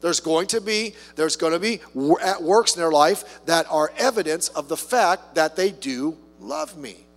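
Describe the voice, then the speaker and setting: Man, pastor, high voice, animated swings in pitch, chatty sermon, long hall reverb, faint music behind. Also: a little slow, few pauses. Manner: conversational, with rhetorical questions and humorous asides.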